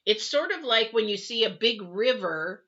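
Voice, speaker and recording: Chatty woman, bright muffled stream. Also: fairly high pitch, lively intonation, normal speed. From West Coast of the United States. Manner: chatty, earnest, many fillers and asides. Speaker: tarot reader. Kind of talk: live-streamed weekly reading.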